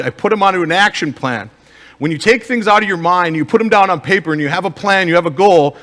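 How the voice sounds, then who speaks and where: Man, motivational speaker, Upper Midwest accent, rhetorical questions, somewhat high voice, stage in a big echoing hall. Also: sharp tone. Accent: Upper Midwest American. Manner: emphatic, rhetorical questions to the crowd. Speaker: motivational speaker and life coach. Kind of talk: live pitch talk to an audience.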